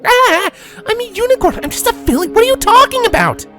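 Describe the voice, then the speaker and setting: A man voicing a bookish young unicorn filly who speaks in a high, earnest, nervous way. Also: very animated, unhurried, music in the background. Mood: panicked. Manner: high, earnest, anxious and pleading.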